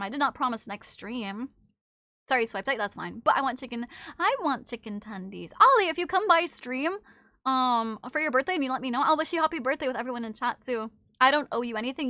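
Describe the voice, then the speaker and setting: A woman's voice: sits high, sharp tone, dry recording, studio quality. A woman streamer chatting casually with her viewers, reading their messages aloud, playful and teasing and swearing freely.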